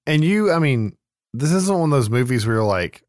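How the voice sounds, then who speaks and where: A man's voice: medium pitch, big pitch swings, moderate pace, no room sound, studio quality. A man co-hosting a podcast, chatting casually, reflecting on films and asking his partner questions. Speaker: podcast co-host. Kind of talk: casual chat.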